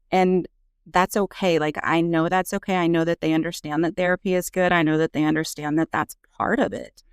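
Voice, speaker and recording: Earnest woman with a smooth, resonant voice. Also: sits low, dry recording, clean studio sound. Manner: earnest, candid, frequent "you know" fillers. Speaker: nurse practitioner and parent. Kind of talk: casual podcast conversation.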